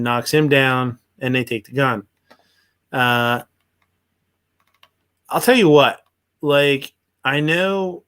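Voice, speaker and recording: A man's voice: medium pitch, fairly bright tone. Rambling man hosting a livestream. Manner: rambling, hesitant, many fillers and restarts. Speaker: livestream host. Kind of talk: casual commentary on news.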